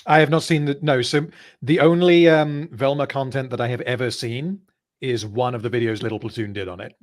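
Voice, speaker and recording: A man's voice: mid-range voice, steady tone, fairly quick. Male, livestream guest, hesitant, distant-sounding call mic. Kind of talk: casual chat.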